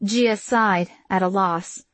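A woman narrating a novel in a measured, even storytelling manner. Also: medium pitch, dry recording. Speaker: audiobook narrator. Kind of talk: scripted fiction narration.

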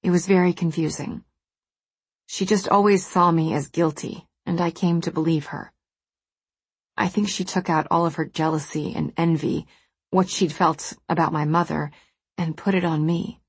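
A woman narrating a novel in a calm, measured way. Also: sits low, husky, dry recording. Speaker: audiobook narrator. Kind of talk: scripted narration.

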